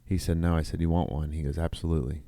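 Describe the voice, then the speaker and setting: A man's voice: extremely low pitch, fairly even intonation, quick pace, creaky, mellow, no echo. A middle-aged man, a nurse who co-hosts a podcast, telling a long story in casual chat, rambling with restarts and quoted dialogue. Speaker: podcast co-host.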